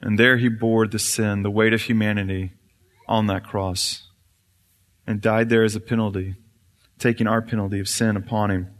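A man's voice: fairly low pitch, flat delivery, moderate pace. A male pastor preaching an earnest, explanatory sermon in a church. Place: church sanctuary. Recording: reverberant church hall.

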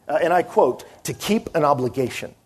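A middle-aged man preaching a sermon in a church, telling stories with animated quoted voices. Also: a little high, fairly quick, husky. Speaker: pastor.

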